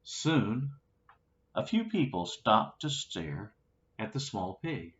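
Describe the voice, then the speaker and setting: A man reads a children's story aloud at a very slow, unhurried pace. His voice rises and falls with lively expression, and he drops in little asides. The recording is dull and lo-fi. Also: fairly low pitch. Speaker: storybook reader.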